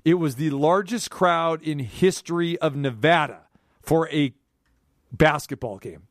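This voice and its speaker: Excitable sports radio host, man. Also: a little high, measured pace, no room sound, studio quality. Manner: animated, rambling, excitable delivery. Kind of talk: sports talk radio monologue.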